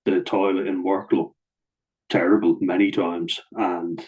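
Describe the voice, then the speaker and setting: A man's voice: sits low, flat delivery, unhurried, narrow, tinny audio. An Irish man telling a story straight to camera, blunt and venting, with heavy swearing. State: wearing a blood-pressure cuff. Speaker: vlogger.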